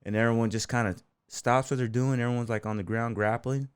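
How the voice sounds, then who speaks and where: Fairly quick and smooth, a steady mid-range voice belongs to a U.S. bull rider and gym owner guesting on a podcast. In a dry recording, he rambles through casual stories in an interview, sprinkling in "you know" and "man."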